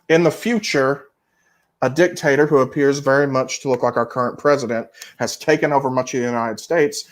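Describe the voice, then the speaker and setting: A man co-hosting a podcast, recommending books and films in casual chat with an emphatic, profane manner. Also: mid-range voice. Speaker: podcast co-host.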